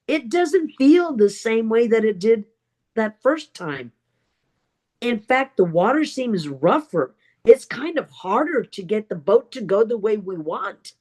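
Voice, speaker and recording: A woman's voice: a little high, sing-song, darkish tone. A woman telling a dramatic personal story as a speech at a public speaking club. She acts out other people's lines and repeats words for emphasis. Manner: emphatic, with deliberate pauses and repetition.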